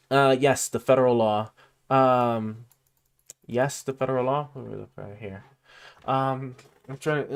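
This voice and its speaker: Rambling man thinking out loud. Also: a little high. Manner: rambling, stammers and repeats words, many fillers; drifts quieter when reading to himself, then perks up. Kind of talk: casual chat, thinking aloud while reading.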